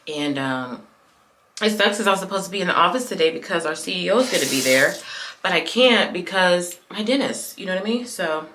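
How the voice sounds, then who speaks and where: A woman's voice: lowish voice, expressive, a little fast, a bit bright. A woman vlogging in a casual chatty way, talking to her viewers from her car on a phone camera. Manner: chatty, rambling, talks to viewers. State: numb mouth after dental work, sleepy. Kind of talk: casual vlog chat. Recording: noisy car recording.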